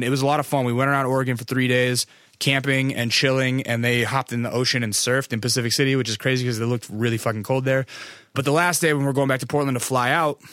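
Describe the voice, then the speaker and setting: Young man, casual storyteller, mid-pitched voice, very dry close sound, loose and profane. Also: a bit bright, no echo. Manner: rambling, profane, heavy on "like" fillers. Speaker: photographer.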